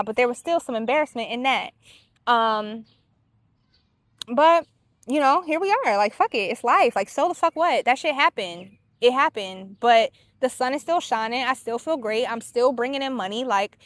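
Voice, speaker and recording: A woman with a high voice hosts her own podcast in a loose, unscripted monologue. She talks bluntly and swears freely, throwing in quick quoted asides. The sound is dry and close. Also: lively intonation, no echo. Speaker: podcast host. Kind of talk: casual solo podcast monologue.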